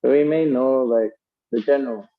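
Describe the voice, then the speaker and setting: A man's voice: medium pitch, moderate pace, narrow, tinny audio. A man giving a conversational sermon, telling stories and using fillers as he explains scripture. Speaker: preacher.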